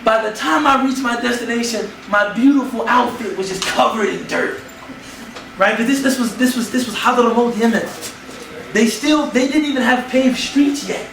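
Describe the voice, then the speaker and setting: A man's voice: very high voice, moderate pace, vocal fry, fairly bright tone, far from the mic, a little hiss or hum. A man giving a humorous, slangy storytelling talk on religion to a student audience in a lecture hall.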